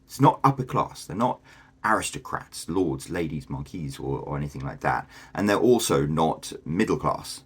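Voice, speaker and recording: Very deep, husky man. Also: expressive, normal speed. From England. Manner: chatty, thinks aloud with many fillers and restarts. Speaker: vlogger. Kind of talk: casual explanatory talk to camera.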